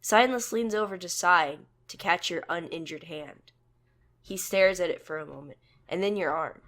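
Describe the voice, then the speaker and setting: A woman narrates a second-person fan story in a plain, even way. Her voice sits a bit low. She moves steadily through the scene. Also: normal speed.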